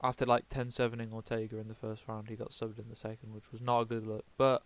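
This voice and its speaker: A man from the UK talks through his picks in a loose, rambling way, dropping swear words and backtracking mid-sentence. His voice is smooth and clear. The sound is dry, with no room echo. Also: lowish voice, monotone, fast talker. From United Kingdom. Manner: rambling, swears often, self-correcting. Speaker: MMA vlogger. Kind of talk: casual fight predictions.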